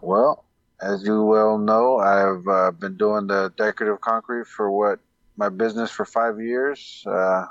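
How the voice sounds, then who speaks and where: A man's voice: fairly low pitch, unhurried, no room sound, highs cut off. A man chatting casually, laid-back and rambling, with many hesitations. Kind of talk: casual chat.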